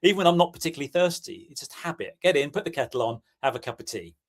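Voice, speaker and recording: A man's voice: fairly high pitch, sing-song, rapid-fire. A man, chatting as a podcast co-host in an easygoing, agreeable way. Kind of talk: casual chat.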